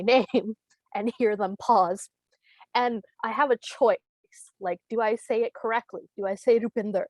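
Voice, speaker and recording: A woman's voice: medium pitch, no room sound, low-quality recording. Woman, 30s, from Canada, stand-up comedy, rambling, self-deprecating, video call, dry close sound. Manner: rambling, self-deprecating, with frequent laughs and fillers. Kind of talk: stand-up comedy at a virtual open mic.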